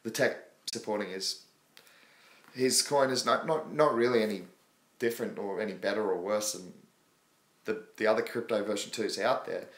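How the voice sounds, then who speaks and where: A man's voice: on the low side, normal speed, pauses often. Australian male streamer, casual and rambling, answers chat questions; recorded in an echoey room. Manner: rambling, chatty, answers viewer questions, laughs often. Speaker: live stream host.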